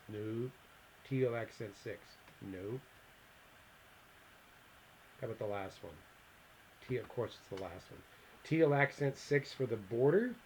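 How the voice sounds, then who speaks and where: A man walks through a software tutorial at a middle pitch, reading out each step and muttering quiet asides to himself as he clicks. A faint hiss sits under the recording. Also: animated, takes it slowly, pauses often, low-quality recording. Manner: thinks aloud, mutters asides while clicking. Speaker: instructor.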